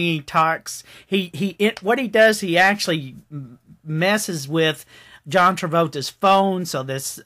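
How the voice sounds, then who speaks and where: Man, film reviewer, bright and fairly high voice, casual rambling delivery full of restarts. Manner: rambling, with many restarts and fillers. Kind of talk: casual chat.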